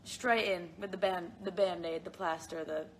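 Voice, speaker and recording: A woman's voice: on the low side, steady tone, moderate pace, slight background noise. A young woman with a British accent, chatting casually on a live stream from her phone, rambling with lots of fillers and giggles. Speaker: live-stream host answering viewer questions.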